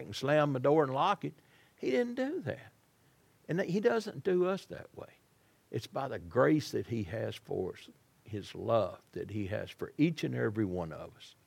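A man's voice: on the high side, gravelly, darkish tone, slightly rough. A man preaching a sermon in a folksy, dramatic way, acting out the people in the story.

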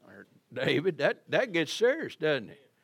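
A man's voice: fairly high pitch, huge pitch swings, measured pace, fairly bright tone, breathy edge, no echo. An older man, preaching a sermon in a folksy, conversational way with frequent repetitions.

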